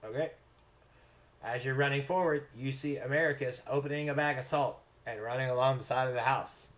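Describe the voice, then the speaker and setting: A man's voice: mid-range voice, brisk. Laughing game master man. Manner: laughs often, teasing and animated. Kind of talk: running a tabletop game.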